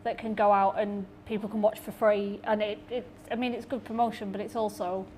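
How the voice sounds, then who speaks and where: A woman's voice: mid-range voice, flat delivery, fairly quick, darkish tone, slight background noise. Chatty woman filmmaker. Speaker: independent filmmaker. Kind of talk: casual interview.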